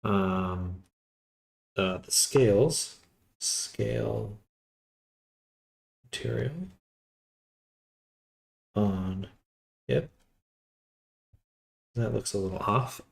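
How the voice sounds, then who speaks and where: Slow, gravelly man muttering to himself. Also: fairly low pitch. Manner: quiet, unhurried murmuring to himself. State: sleepy, yawning. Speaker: livestreamer building avatars. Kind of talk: thinking aloud while working on a livestream.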